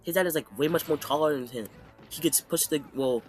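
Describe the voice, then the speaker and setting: A man's voice: fairly high pitch, a little fast. A man casually recapping an anime fight in a rambling, slangy way, often checking in with "okay?". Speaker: anime commentator.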